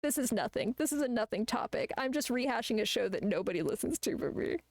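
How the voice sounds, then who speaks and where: A woman's voice: a little high, lively intonation, fast talker, no echo. A woman chatting casually while she draws on a live art stream, rambling and ranting with plenty of swearing. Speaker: artist streamer.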